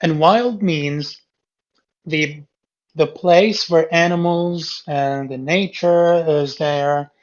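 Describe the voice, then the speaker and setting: A man on the high side speaks extremely slowly as he goes over a reading quiz with his class. He patiently repeats key words and explains each question step by step, and the classroom audio is dull and lo-fi.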